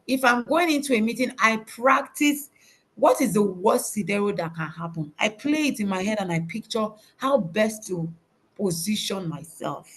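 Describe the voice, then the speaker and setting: A woman's voice: mid-range voice, husky. A woman giving a faith-based motivational talk over a video call, emphatic and preacherly, repeating her key words. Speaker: motivational speaker.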